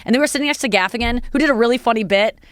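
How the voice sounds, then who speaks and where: Woman podcast host, casual chat, lively storytelling, slightly high voice, dry close sound. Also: racing, no room sound. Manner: animated storytelling, acts out quotes in a high voice.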